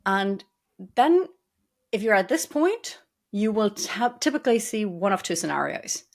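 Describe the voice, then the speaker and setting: A woman's voice: mid-range voice, very animated, unhurried. A woman co-hosting a podcast, explaining organizational culture at length with dry sarcastic asides. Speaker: podcast co-host. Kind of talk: conversational podcast talk.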